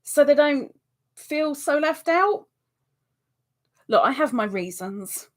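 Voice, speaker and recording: A woman hosting a live stream in a casual, chatty way, reading out viewer comments and answering them, with excitable exclamations. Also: sits high, slow.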